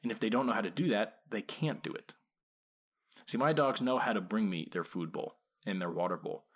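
A man with a somewhat low voice talks casually into a podcast mic about training dogs. He keeps tossing rhetorical questions at his listeners and slips in quick acted-out quotes. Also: husky. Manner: conversational, asks rhetorical questions, acts out quick quoted lines. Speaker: podcast host and dog trainer.

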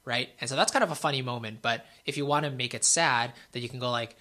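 Young guy, bright voice, mid pitch, chill youtube advice, lots of ums and "right?". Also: quick pace, hardly any pauses. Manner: relaxed, filler-heavy, frequent "right?". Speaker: YouTuber giving speaking tips. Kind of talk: casual talking-head advice.

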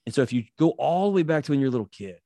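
A man's voice: mid-range voice, sing-song, racing, dark tone, dry recording. Earnest man, dry close sound. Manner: earnest, storytelling, vivid examples. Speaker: guest, mental health expert. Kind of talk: interview answer, explaining.

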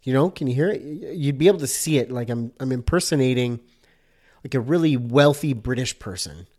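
A man's voice: medium pitch, lively intonation, a little fast, a little mellow. A man hosting a casual solo podcast about design, upbeat and chatty, with many fillers.

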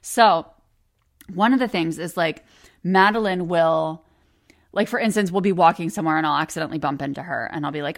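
A woman in her forties with a low, brisk voice hosts a podcast, telling a personal family story candidly and casually. She swears freely and laughs often.

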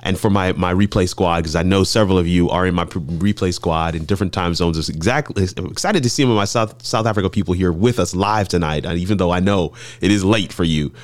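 Deep-voiced enthusiastic male host. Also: quick pace, few pauses, no echo. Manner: enthusiastic, interjecting, stumbling restarts. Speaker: livestream show host. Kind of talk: live interview hosting.

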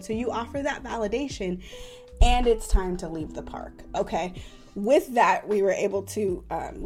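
A woman in her thirties hosting a parenting podcast, talking casually and often checking in with "right?". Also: a little high. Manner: conversational, says "right?" often, warm-toned explanations. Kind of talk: casual advice talk.

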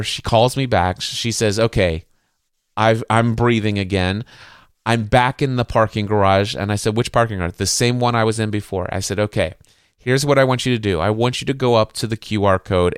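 A middle-aged man tells a personal story on his podcast, earnest and a little halting, often repeating words at the start of a sentence. His voice sits fairly low and sounds smooth and clear. The recording is dry and close, with no room sound. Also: no room sound. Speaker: podcast host.

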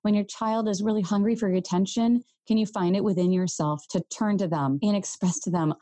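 Earnest soft-voiced woman, podcast host. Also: mid-range voice, fairly even intonation, a little fast, few pauses, dry recording. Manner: earnest, gentle, speaks to listeners directly. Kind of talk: solo podcast talk.

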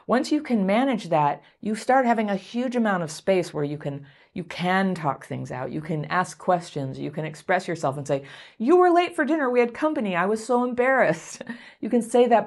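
A woman teaching how to calm strong emotions, in a coaching tone, laughing often and checking in with the listener. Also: low-pitched. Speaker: therapist teaching emotional regulation. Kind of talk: direct-to-camera teaching talk.

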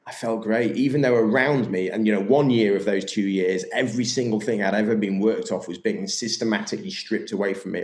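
Man, candid and enthusiastic, fairly low voice, echoey room. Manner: candid, enthusiastic, swears freely. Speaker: podcast guest, yoga business owner. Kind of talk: casual chat. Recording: roomy echo.

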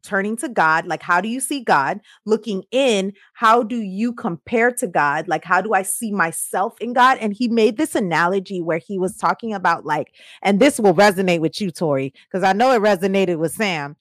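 A chatty woman co-hosting a relaxed faith talk, full of fillers and easy laughter. Her voice sits at a middle pitch. It is recorded close and dry in a room at home. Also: moderate pace, hardly any pauses, no echo. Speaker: podcast co-host. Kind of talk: casual faith chat.

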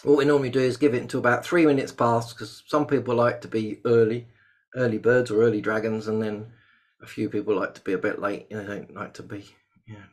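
A man hosting a webinar over a video call, chatty and joking, with sudden bursts of excitement. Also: lowish voice, a little fast. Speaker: host. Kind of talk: casual webinar chat.

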